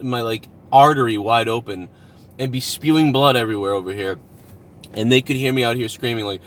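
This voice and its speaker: A man's voice: lowish voice, brisk. A man hosting a casual live stream outdoors at home, talking loosely and profanely while reading out viewer donations. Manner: rambling, profane, reads out donations.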